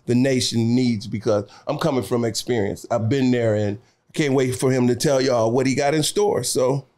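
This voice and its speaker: A man with a Southern US accent, a regular podcast guest, talking in a lively, slangy, preachy way in a studio. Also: mid-range voice, normal speed. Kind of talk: casual podcast chat.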